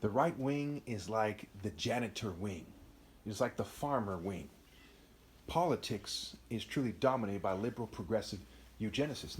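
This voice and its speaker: A man's voice: mid-range voice, a little mellow. Rambling man talking to camera. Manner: rambling, emphatic, frequent "right?" asides. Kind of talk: unscripted monologue to camera.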